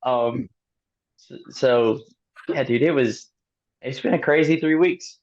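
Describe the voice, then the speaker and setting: A man being interviewed, telling a race story in a casual, animated way, laughing often and using lots of fillers. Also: medium pitch, takes it slowly. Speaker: guest athlete. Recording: dull lo-fi sound.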